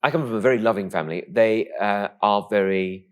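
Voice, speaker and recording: A man from England with a posh-sounding voice, telling stories in a camp, animated way as a guest in an interview. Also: lowish voice, a little fast, clear, resonant tone. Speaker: comedian guest. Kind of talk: casual interview chat.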